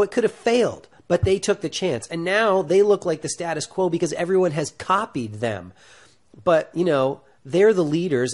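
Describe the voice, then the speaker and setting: A man giving acting advice in a loose, rambling talk full of fillers and restarts, getting animated as he goes. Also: medium pitch. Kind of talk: casual talk to camera.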